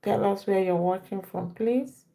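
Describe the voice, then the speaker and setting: A woman leads a live-stream language lesson. She talks at an unhurried, deliberate pace and says each phrase again and again so learners can follow. Her voice sits at an ordinary middle pitch. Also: gravelly, mellow. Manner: repeats phrases slowly for learners. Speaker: language teacher.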